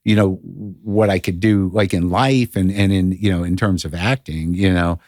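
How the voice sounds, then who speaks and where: A middle-aged male comedian telling an animated, profane story in casual chat, with many stammering restarts. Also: low voice, moderate pace, no room sound, studio quality. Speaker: guest comedian.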